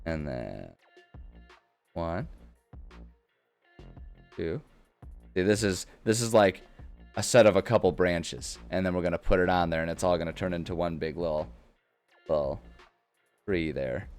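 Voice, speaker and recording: A man's voice: low voice, darkish tone. A man streaming a casual build session, chatting cheerfully and sounding easily delighted. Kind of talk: casual live-stream chat while building.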